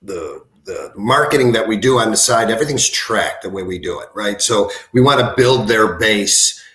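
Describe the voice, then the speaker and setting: A man as a podcast guest explaining his work, halting and repeating words. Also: lowish voice, expressive, a bit bright, reverberant. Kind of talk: casual interview.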